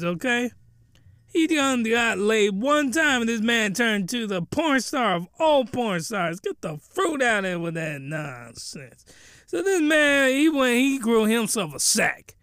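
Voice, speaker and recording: A man giving a crude, rambling comedic recap of a show in an animated way. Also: sits high, clean tone, dry recording, clean studio sound.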